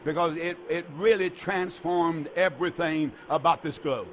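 High-voiced emphatic radio pastor man. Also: fairly even intonation, moderate pace, slight background noise. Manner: emphatic, repeats key phrases. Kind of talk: radio call-in preaching.

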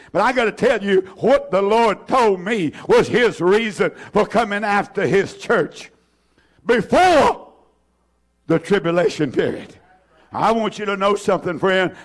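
A man preaching an impassioned sermon, fervent and repetitive, swinging between loud cries and hushed, tender lines. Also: sits high.

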